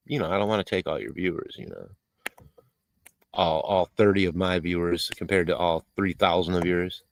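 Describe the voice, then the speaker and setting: A man's voice: deep voice, normal speed, long pauses, slight background noise, poor audio. A man hosting a casual live stream outdoors while cooking, rambling, swearing and reading chat messages aloud. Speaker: livestream host. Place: outdoors in a rural area.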